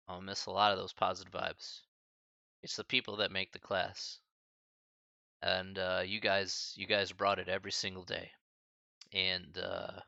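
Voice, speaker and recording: A man teaching a math class on a live stream, saying goodbye to his students in a halting, emotional and casual way, often calling them buddy and man. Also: deep voice, creaky, pushed and bright, no echo, dull audio. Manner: halting and choked up, many restarts and sighs; casual, friendly, calls listeners buddy and man. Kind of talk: emotional farewell talk to a live stream chat.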